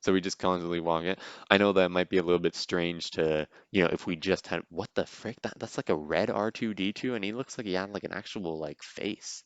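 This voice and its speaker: A man's voice: sits low, fairly quick, hardly any pauses, no echo, muffled recording. A man hosting a podcast, giving a casual, rambling reaction commentary on a movie, with lots of "like" and "you know.". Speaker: podcast host.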